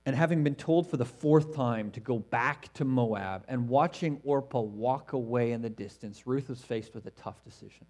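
A man preaching an expository sermon in a conversational way, swinging between emphatic stresses and hushed, quiet asides. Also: mid-range voice, moderate pace, few pauses. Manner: conversational, with fillers and self-corrections.

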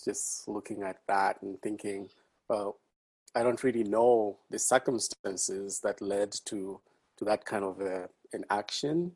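A man, a podcast guest and a father, speaking in a measured, thoughtful way, with some hesitations. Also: on the low side, darkish tone, slightly rough, low-quality recording. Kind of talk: reflective conversation.

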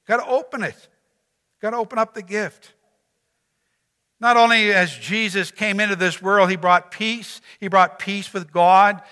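Guy pastor preaching, earnest, repeats himself, bright tense voice, big echoey hall. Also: high-pitched, measured pace, long pauses. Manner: earnest, repeats phrases and asks rhetorical questions. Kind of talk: sermon.

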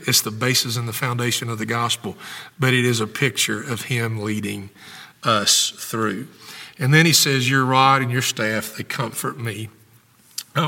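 A man's voice: mid-range voice, vocal fry, sharp tone, big-room sound. A man preaching a sermon as pastor of a church, fervent and emphatic, his voice swelling as he drives his points home. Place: church sanctuary.

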